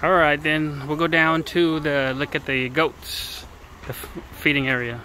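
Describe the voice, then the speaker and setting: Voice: medium pitch, level tone, a little slow, pushed and bright. A parent casually narrating a family vlog outdoors, playfully encouraging a child and talking to viewers. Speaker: parent vlogging a family outing. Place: outdoor zoo. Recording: outdoor recording with crowd noise. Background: crowd of visitors.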